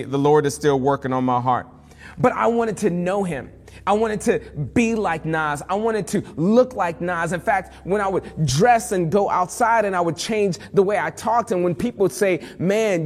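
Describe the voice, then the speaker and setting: A man's voice: high-pitched, long reverb tail. A male pastor preaching a sermon in a conversational way that builds to fervent emphasis.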